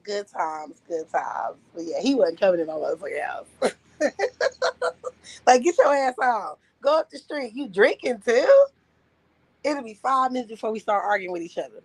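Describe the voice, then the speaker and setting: A woman telling a family story on a livestream, profane and animated, laughing often. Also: on the high side, moderate pace, breathy edge, no room sound, rough recording. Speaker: streamer. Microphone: streaming microphone.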